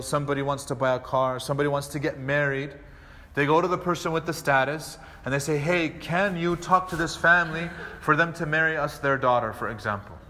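A man's voice: a little high, long reverb tail. A man, an imam, teaching a lecture class, acting out little dialogues as he tells stories. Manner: animated storytelling with acted-out dialogue. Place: mosque hall.

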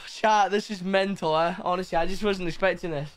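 Male streamer, high voice, emotional and sweary while thanking chat, low music behind. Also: steady tone, normal speed. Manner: overwhelmed, swearing, thanking viewers. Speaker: livestream host.

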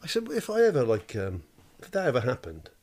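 Sweary bloke, lively pitch. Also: male voice, a little fast. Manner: blunt, sweary, lots of laughing asides. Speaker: podcast co-host. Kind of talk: casual chat.

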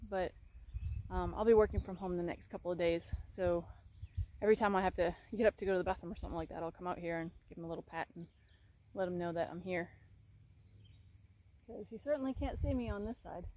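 A woman vlogging outdoors in a rural paddock as she tends her horse, talking casually to the phone camera in a soft, chatty way. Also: lowish voice, fast, long pauses. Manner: chatty, soft-spoken, fond baby talk to the horse. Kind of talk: casual vlog talk to camera. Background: birds and outdoor ambience.

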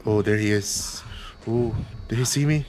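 A man's voice: fairly low pitch, unhurried, darkish tone. A man commenting on his own horror game playthrough, playful and jumpy, talking to himself as he sneaks around. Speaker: gaming YouTuber. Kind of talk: let's play commentary.

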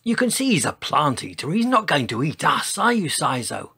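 A man's voice: fairly high pitch, huge pitch swings, moderate pace, vocal fry, pushed and bright, slightly rough, exaggerated voice. A man voicing a kind, sensible mother iguanodon in a raised, motherly voice, reading a storybook aloud. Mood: kindly. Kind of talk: storybook voice acting.

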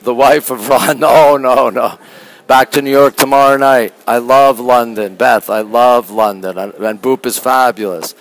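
A man from Canada chatting casually to viewers of a live stream while walking through an art museum, greeting them by name and often talking quietly into a handheld phone. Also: mid-range voice, fairly even intonation, unhurried, poor audio. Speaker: livestreamer touring a museum. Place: indoor art museum gallery. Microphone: phone held while walking.

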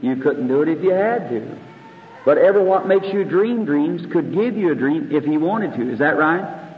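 A man's voice: a little high, animated, moderate pace. Man, preacher, earnest conversational sermon, rhetorical questions, long hall reverb, roomy sound. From United States. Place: church or meeting hall. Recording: phone-like archival tape in an echoey hall.

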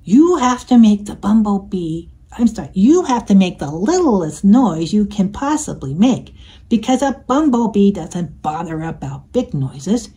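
A woman voicing a wise old male groundhog who explains in a hushed, knowing way in a storybook reading. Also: medium pitch, big pitch swings, a little slow, low-quality recording. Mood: explaining.

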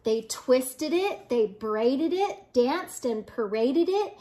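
Grandma reading a kids picture book out loud, high voice, takes it slow, playful animal voices. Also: female voice, expressive. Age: older. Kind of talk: children's picture book read-aloud.

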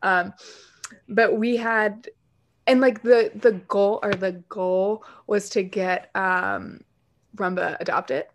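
Woman podcast guest, animated storyteller, mid-pitched, casual and filler-heavy. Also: slight background noise. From based in New York City. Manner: animated storytelling, quick asides and filler words. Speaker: podcast guest, dog-mom influencer. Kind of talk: casual chat.

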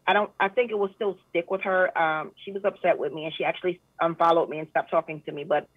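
A woman's voice: lowish voice, quick pace, no echo. Earnest woman guest on a phone line. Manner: earnest, animated when retelling, many fillers. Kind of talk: casual interview chat. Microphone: phone call.

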